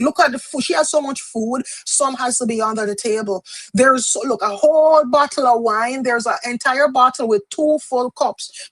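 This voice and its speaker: This is a woman from Jamaica reading tarot cards on a live stream. Her voice sits a little high, and the sound is dry with no room echo. She talks in a loose, chatty way, explaining each step and often circling back to repeat or restart a phrase. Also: a bit bright. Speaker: tarot card reader.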